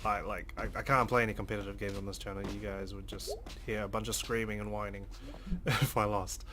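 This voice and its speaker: A man's voice: lowish voice, little pitch movement, a little fast. A man hosting a let's play, chatting casually and self-mockingly while reading the game's dialogue aloud. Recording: game music playing behind.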